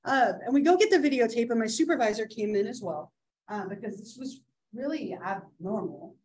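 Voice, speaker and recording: A woman in her thirties lectures a psychology class in an easy, chatty way. She keeps checking in with "right?" and fills pauses with "uh" and "um" as she tells a case story. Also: a little high, expressive, a little mellow, low-quality recording. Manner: chatty, many fillers and "right?" asides. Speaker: psychology instructor.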